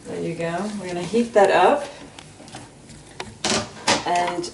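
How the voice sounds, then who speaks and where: A chatty woman walks viewers through a quick home-cooked dish, giving brisk, practical instructions. She sounds distant from the mic in a roomy, echoing kitchen. Faint frying noise hums behind her. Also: on the low side, gravelly. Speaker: cooking show host. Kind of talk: casual cooking demo.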